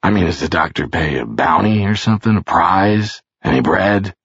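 A man's voice: low-pitched, expressive, normal speed, a bit bright, husky, dry recording, full character voice. A man voicing a jittery, scared young drifter with a whining, pleading manner, in a dull lo-fi recording. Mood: anxious.

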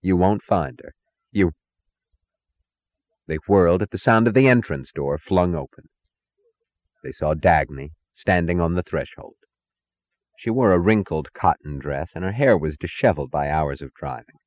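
A man narrating a novel in a measured, dramatic reading that gives each character its own voice. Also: deep voice, expressive, no echo, highs cut off. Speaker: audiobook narrator. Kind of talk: scripted narration.

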